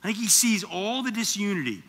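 A man preaching a sermon as teaching pastor, animated and conversational, with asides to the congregation. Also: sits high, fairly quick, in a large hall. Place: church auditorium.

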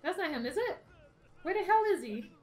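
A woman's voice: extremely high pitch, sing-song, fairly quick, darkish tone. A woman doing let's-play commentary, who swears and laughs as she talks to the game. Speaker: gaming YouTuber.

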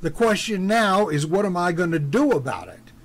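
A man voicing a small-town deputy who speaks in a calm, measured, firm way. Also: sits high, gravelly, exaggerated voice.

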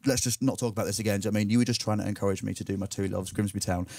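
A man's voice: lowish voice, fairly even intonation, rapid-fire, creaky, a little mellow, no room sound, clean studio sound, far from the mic. A young man doing a stand-up comedy set, chatty and self-mocking, tripping over his words. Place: live comedy venue with audience.

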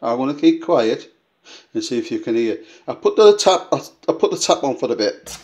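Rambling man filming his flat. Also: mid-range voice, moderate pace, slight background noise. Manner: rambling storyteller, many restarts. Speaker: vlogger. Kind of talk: casual vlog chat. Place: his own flat, indoors.

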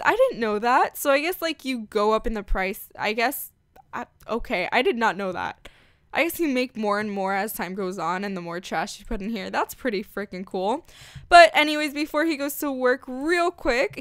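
A woman hosting a casual let's-play, chatting and gushing excitedly as she narrates her game. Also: a little high, clean tone, no room sound, clean studio sound. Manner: bubbly, gushing, chatty with lots of "like" and "freaking". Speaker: gaming channel host.

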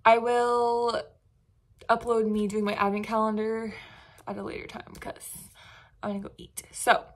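A woman's voice: on the high side, monotone, measured pace. A woman, chatting casually to her phone camera at home in a bubbly, gushing way. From United States. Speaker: vlogger. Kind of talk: casual vlog chat. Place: home, indoors.

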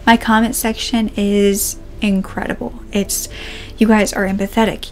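A woman's voice: medium pitch, level tone, unhurried, slight background noise. Sincere, heartfelt woman addressing viewers. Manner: sincere, warm-hearted, slightly emotional. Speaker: true crime channel host. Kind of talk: heartfelt direct-to-camera message to viewers.

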